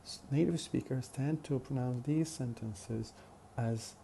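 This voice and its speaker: A man gives a phonetics lecture at an unhurried pace. He works through examples step by step and repeats them. His voice is low and gravelly, with faint noise in the background. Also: mellow. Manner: slow, methodical, with frequent uh fillers and repeated examples. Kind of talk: recorded lecture.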